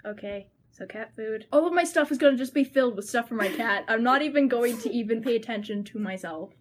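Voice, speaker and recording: A young woman playing in a casual tabletop game, excitable and rambling, often trailing off and laughing. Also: a little high, fairly quick, slight background noise. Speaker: player. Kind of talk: casual tabletop role-play.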